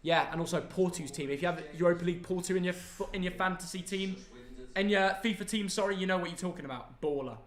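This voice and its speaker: Young male co-host, high-voiced, excitable banter, echoey room. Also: quick pace. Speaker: co-host of football reaction stream. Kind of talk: casual chat.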